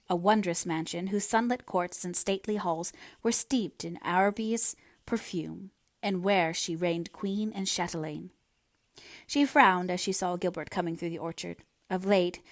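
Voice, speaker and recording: A woman reading a novel aloud as narrator, in a measured, expressive way. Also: lowish voice, no echo, clean studio sound. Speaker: audiobook reader. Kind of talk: storybook narration.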